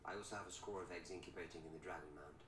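An actor playing a stern, commanding prince in a television drama, speaking bluntly. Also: male voice, low-pitched, steady tone, racing, a bit bright, echoey room, distant mic. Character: stern grown prince planning war.

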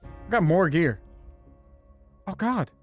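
A man hosting a gaming channel, trading loud, swearing trash talk while playing a fighting game. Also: high voice, lively intonation, takes it slowly, faint music behind. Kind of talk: excited gaming banter.

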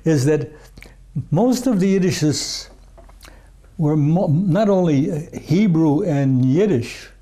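An older man, an archivist of Yiddish culture, talking in a rambling, halting way with many fillers in a casual interview. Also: on the high side, animated, dark tone. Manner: sings Yiddish folk songs unaccompanied.

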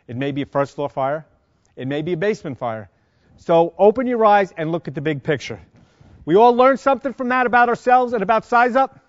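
High-voiced New York fire instructor. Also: male voice. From Long Island, New York. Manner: quizzing the audience with rapid questions. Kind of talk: classroom lecture. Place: conference lecture room. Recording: dry, dull lo-fi sound.

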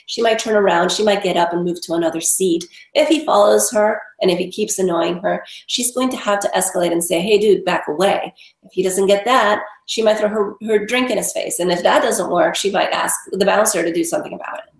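A woman's voice: medium pitch, fairly quick, hardly any pauses. A woman dog trainer, a guest in an interview, explaining emphatically and repeating words for stress. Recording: echoey room.

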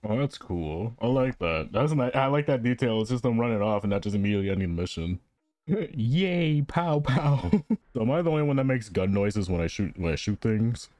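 A young man giving playful gameplay commentary, reacting out loud and giggling as he plays. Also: lowish voice, expressive, brisk, no echo, clean studio sound. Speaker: gaming channel host.

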